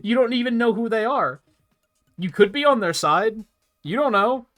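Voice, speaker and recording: Sarcastic male streamer, bright animated voice, higher pitch; game commentary over faint music. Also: normal speed. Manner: sarcastic, laughing, swears casually.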